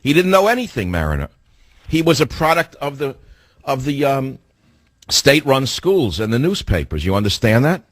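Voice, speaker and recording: A man's voice: mid-range voice, big pitch swings, normal speed, dry recording. Combative talk radio host, man. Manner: combative, lecturing.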